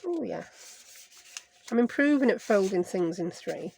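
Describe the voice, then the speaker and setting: Speaking a little slowly at medium pitch, this woman has lively intonation, vocal fry, a dark tone and a breathy edge. A craft vlogger with Sheffield English, she gives rambling, chatty narration of a craft project, joking at herself with invented words.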